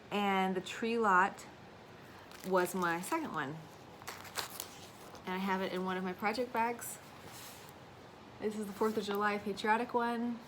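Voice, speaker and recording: A woman's voice: fairly low pitch, a bit bright, slight background noise, low-quality recording. A woman in her thirties chatting casually to her viewers about her family and her stitching, rambling and laughing as she goes. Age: 30s. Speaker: craft vlogger. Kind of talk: casual chat.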